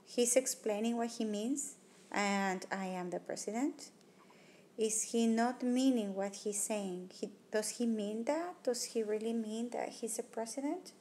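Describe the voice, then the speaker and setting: A woman's voice: a little high, measured pace, warm tone, slight background noise. A woman teacher talking through test questions, reasoning aloud about each answer choice and ruling them out one by one. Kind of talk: test-prep walkthrough lesson. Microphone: tablet microphone.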